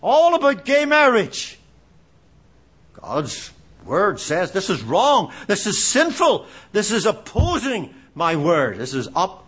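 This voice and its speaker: A male preacher from Canada delivers a sermon with a fairly high voice. His pitch swoops widely as he presses rhetorical questions. He repeats key lines for emphasis. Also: a bit bright.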